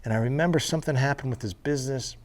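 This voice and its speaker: A man being interviewed, telling animated stories with casual swearing and laughter. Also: mid-range voice, very fast. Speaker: interview guest. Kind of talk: storytelling interview. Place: federal halfway house.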